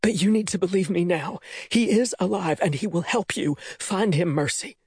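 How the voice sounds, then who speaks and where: A man's voice: sits high, normal speed, slightly rough, dry recording, clean studio sound, voice pushed up. A man doing a desperate, whispering mother. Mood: urgent. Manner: urgent, pleading, often whispered. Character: desperate, loving, frightened mother. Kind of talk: audiobook character voice.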